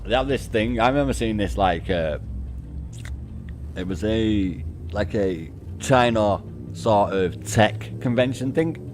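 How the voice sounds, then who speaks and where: A man's voice: lowish voice, expressive, takes it slowly, a little mellow, slight background noise. Laid-back man streaming a game. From Warrington, northwest England. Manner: laughs often, swears freely, banters with chat. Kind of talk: casual live-stream chat.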